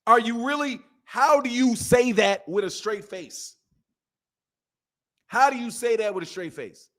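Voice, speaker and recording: A man with a fairly high voice rants in casual commentary, repeating himself and firing off rhetorical questions. He sounds animated and talks straight at his viewers. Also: measured pace. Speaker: boxing commentator.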